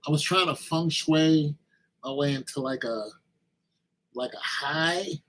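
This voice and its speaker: A man's voice: fairly high pitch, slow pace, a bit bright, rough recording. Man thinking aloud while producing music. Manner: thinking aloud, self-critical, casual slang. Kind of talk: casual tutorial commentary. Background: music playing.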